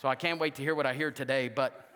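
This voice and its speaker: A man's voice: mid-range voice, racing, big-room sound, some chatter behind, a little hiss or hum. A man preaching a humorous sermon as pastor, joking and acting out quoted dialogue. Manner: jokey, animated, acts out quoted dialogue. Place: church sanctuary.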